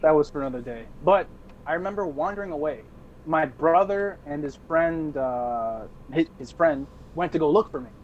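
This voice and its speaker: A man's voice: on the high side, moderate pace, highs cut off, slight background noise. A young man, a podcast co-host, telling a rambling party story in casual chat with restarts and laughs.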